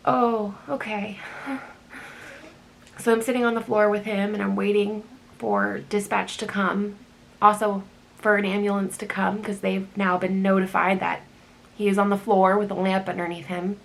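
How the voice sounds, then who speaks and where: Woman, gravelly voice, casual storytelling, hesitant, animated. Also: mid-range voice, normal speed, a little hiss or hum. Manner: hesitant with many ums, animated retelling. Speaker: EMT telling a work story.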